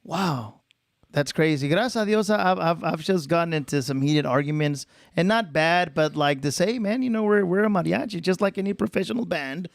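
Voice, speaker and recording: A man's voice: on the high side, moderate pace, vocal fry, dry recording, clean studio sound. A man from Texas hosting a podcast, chatting casually and switching freely between English and Spanish. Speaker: podcast host, mariachi musician. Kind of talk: casual bilingual chat.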